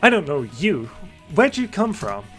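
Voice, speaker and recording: A man voicing an intimidating, stern female sparrow in a game let's play, talking gruffly and solemnly. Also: high voice, wildly swooping pitch, normal speed, a bit bright, faint music behind, pitched above the performer's own voice, heavily acted.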